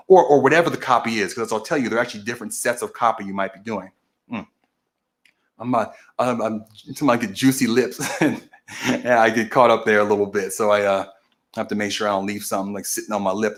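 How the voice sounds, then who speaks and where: A man with a fairly low voice hosts his own stream and explains a process one step at a time. He talks casually and restarts and corrects himself often as he goes. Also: fairly even intonation, fast talker, fairly bright tone. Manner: explains methodically, with frequent restarts and self-corrections. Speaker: host of a political stream. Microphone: camera video recording.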